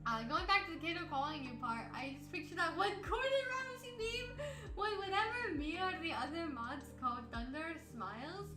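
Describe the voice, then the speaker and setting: A woman's voice: extremely high pitch, normal speed. A tired woman streamer chatting casually and rambling, laughing often and breaking into playful outbursts. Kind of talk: casual chat with chat readers. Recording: roomy sound with music behind.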